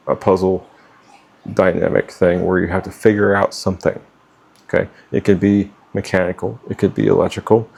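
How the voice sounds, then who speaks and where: Talking off the cuff to his viewers, a middle-aged man hands out life advice with plenty of profanity and no sugarcoating. His voice is low, gravelly and a little mellow with a husky edge, and he keeps stopping and starting while he hunts for the right words.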